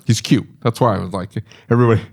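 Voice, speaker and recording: A middle-aged man, a shop owner, chatting casually on a podcast and telling rambling, animated stories. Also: on the low side, racing, gravelly. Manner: rambling, animated storytelling with laughs.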